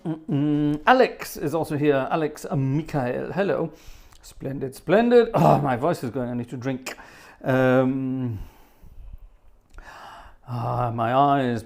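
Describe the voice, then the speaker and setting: Chatty man greeting his viewers. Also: fairly high pitch. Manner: cheerful, chatty, reads out names from the chat. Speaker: livestream host and organist. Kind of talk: casual live-stream chat, greeting viewers. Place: home organ studio.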